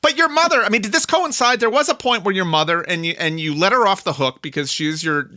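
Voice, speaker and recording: A man hosting a podcast, chatty and quick to laugh, asking his guest probing questions and reading a short intro. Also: high voice, pushed and bright, dry recording. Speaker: podcast host. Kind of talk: interview and scripted intro narration.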